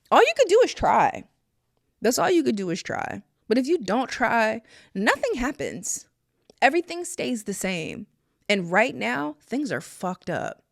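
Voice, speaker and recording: A woman's voice: sits low, no room sound, clean studio sound. A woman hosting a casual talk, speaking earnestly and emphatically and repeating phrases for emphasis. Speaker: host. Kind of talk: casual direct-to-camera talk.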